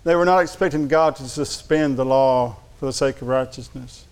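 This preacher has a smooth, medium-pitched voice and a moderate pace. His sermon swings from reading amusing anecdotes and laughing along to earnest preaching.

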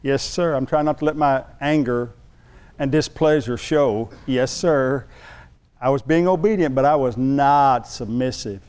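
A man preaching a sermon as pastor, telling a story in an animated way and acting out the voices he quotes. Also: medium pitch, normal speed, clean tone.

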